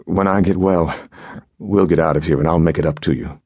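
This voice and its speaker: A man's voice: a bass voice, fairly even intonation, fairly quick, a little mellow, no room sound. A man reading an audiobook voices a worried adventurer father who talks earnestly and urgently. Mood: tender.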